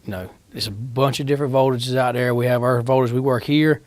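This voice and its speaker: A man's voice: mid-range voice, steady tone, fairly quick, a little mellow, no room sound. A man, a utility line crew worker answering interview questions in a plain, practical, matter-of-fact way.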